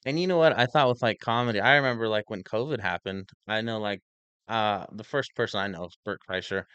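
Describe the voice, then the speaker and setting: A man's voice: lowish voice, fairly quick, fairly bright tone, clear, resonant tone, no room sound, dull audio. A man co-hosting a podcast in casual chat, laid-back, swearing and laughing often. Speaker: podcast co-host.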